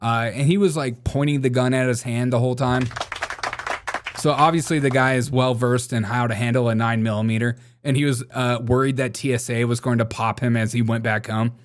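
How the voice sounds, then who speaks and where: A man's voice: mid-range voice, steady tone, fairly quick. A man hosting a casual political commentary show, sarcastic and laughing often as he reads out viewer comments. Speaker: show host.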